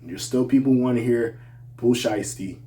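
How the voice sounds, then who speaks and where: A young man with a slight accent riffs through casual opinion commentary for his channel. His mid-pitched voice swings between loud, incredulous outbursts and low, mumbled asides. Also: normal speed. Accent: slight regional accent. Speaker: hip-hop commentary vlogger.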